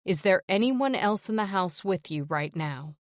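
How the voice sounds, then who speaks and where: A woman narrator voicing a female emergency operator who stays calm, steady and controlled. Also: mid-range voice, moderate pace, dry recording, studio quality, close to an everyday voice. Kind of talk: audiobook character voice.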